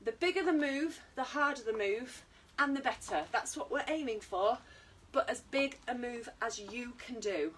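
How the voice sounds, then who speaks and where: A woman's voice: a little high, lively intonation, moderate pace, hardly any pauses, a bit bright, far from the mic, a little hiss or hum. A British woman teaching an online exercise class, chatty and encouraging, joking at her own expense. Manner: chatty, encouraging, self-deprecating. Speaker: fitness instructor.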